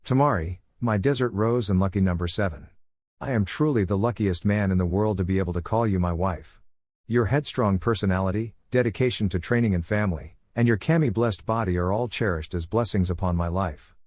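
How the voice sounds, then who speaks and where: A confident young groom gives his wedding vows, voiced by a man narrating the story. His tone is low and dry, with a close, roomless sound. The reading stays plain and even. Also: fairly quick, no room sound, natural voice. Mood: affectionate.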